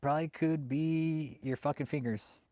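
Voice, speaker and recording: A man with a fairly high, steady voice rants and swears on a livestream while reading the chat. His profane live commentary is heated, broken up by loud outbursts, though he keeps a moderate pace. There is no room sound.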